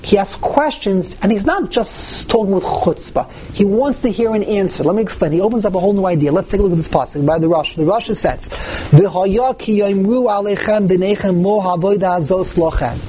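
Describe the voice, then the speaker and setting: Animated man teaching a text class. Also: fast, few pauses, slight background noise, low-quality recording. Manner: animated, pitch leaps when stressing points; mixes Hebrew and Yiddish terms into English. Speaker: Torah teacher. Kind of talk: text-study class lecture.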